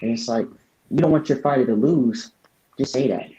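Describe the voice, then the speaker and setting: A man's voice: mid-range voice, normal speed, a crowd in the background. A man venting with frustrated, profane talk as a podcast co-host. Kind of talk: casual podcast chat. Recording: dull lo-fi audio with faint noise.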